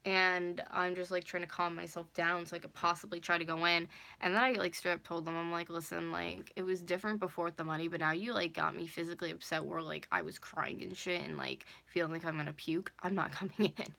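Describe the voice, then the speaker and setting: A woman's voice: lowish voice, fairly even intonation, brisk, creaky, sharp tone. A woman in her twenties telling a casual storytime vlog, rambling with a lot of "like" and the odd swear word. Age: 20s. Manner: rambling, heavy use of "like", swearing. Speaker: vlogger.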